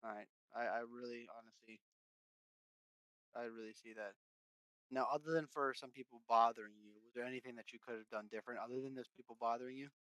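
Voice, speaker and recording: A man on a podcast giving calm advice in casual chat. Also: medium pitch, fast, clear, resonant tone, dry recording, low-quality recording. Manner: calm, advising.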